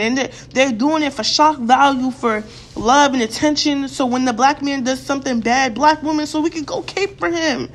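Here a young woman vlogs a casual rant to camera, her voice high-pitched and her pace measured. She addresses viewers head-on, fired-up, swearing bluntly and repeating words to drive points home.

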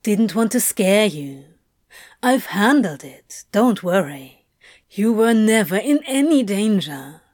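A woman reading aloud and voicing a sly male demon who speaks low and seductively in slow murmurs. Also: dry recording, studio quality, lightly acted. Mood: low, worried. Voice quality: low, hushed.

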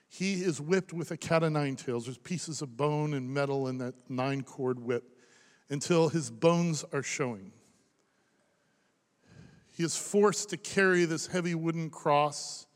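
A man in his thirties preaching a sermon as pastor, impassioned, rising to loud emphasis and dropping to hushed near-whispers. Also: a little high, expressive, takes it slowly. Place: church sanctuary. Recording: long reverb of a large hall.

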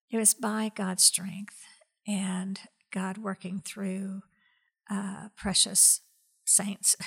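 In an interview, a woman who heads a ministry shares a heartfelt testimony of her faith, speaking slowly and hesitantly with lots of fillers and soft, breathy stretches. Her voice sits in the mid range.

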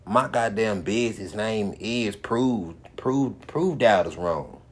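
Profane low-voiced man ranting. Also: lively intonation, slow, slightly rough. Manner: heavy swearing, repetitive and emphatic. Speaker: podcast host. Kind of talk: profane motivational monologue.

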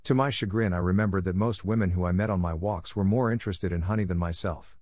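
Man reading a story in a low voice. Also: fast, a little mellow, no room sound, studio quality. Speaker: audiobook narrator. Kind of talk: scripted narration.

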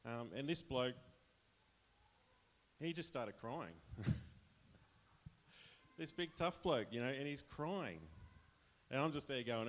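A man's voice: medium pitch, lively intonation, slow, pauses often. An Australian man casually sharing a personal testimony with his church, chatty and rambling, often laughing.

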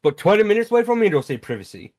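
Young British man, very animated pitch, mocking banter with swearing over voice chat. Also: very fast. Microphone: online voice chat.

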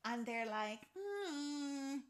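A woman's voice: high voice, sing-song, very slow. A sounding woman chatting casually, animatedly retelling a film's story and acting out the characters' lines. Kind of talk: casual chat retelling a film plot.

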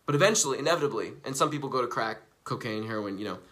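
Animated, profane young man live streaming. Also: medium pitch, racing. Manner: animated and profane, swings from loud to hushed; rambling, repeats himself. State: coughing from recently quitting smoking. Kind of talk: casual live stream talk.

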